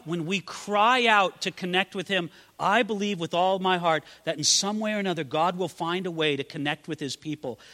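Bright-voiced preacher man in a reverberant hall. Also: on the high side. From California. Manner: dramatic, swings from loud exclamations to hushed near-whispers. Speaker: pastor. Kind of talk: sermon.

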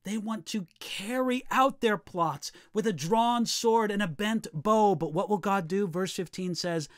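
A man preaching a sermon, reading scripture slowly and asking the listeners rhetorical questions. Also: high voice.

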